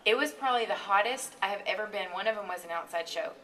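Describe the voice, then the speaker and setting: A woman singer as a radio interview guest, talking in a chatty, animated way and laughing often. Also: mid-range voice, quick pace, distant mic, low-quality recording. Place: radio studio.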